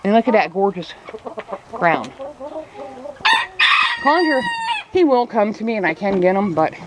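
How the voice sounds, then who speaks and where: A woman's voice: medium pitch, very animated, a little slow. A woman chatting casually while doing farm chores outdoors, talking to her animals. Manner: chatty, coos baby talk to her animals. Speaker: farm vlogger. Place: outdoors at a chicken coop on a farm. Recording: noisy outdoor farm recording. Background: chickens clucking.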